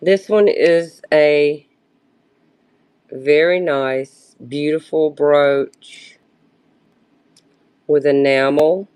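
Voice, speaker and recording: A woman selling vintage brooches on a live stream in a casual, halting pitch, often pausing to search for words. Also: fairly even intonation, darkish tone, clear, resonant tone.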